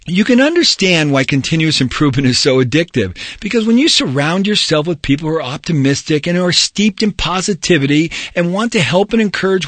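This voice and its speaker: A man's voice: on the high side, fairly bright tone, no room sound. Earnest man reading his own book. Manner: earnest, emphatic, motivational. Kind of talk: audiobook narration.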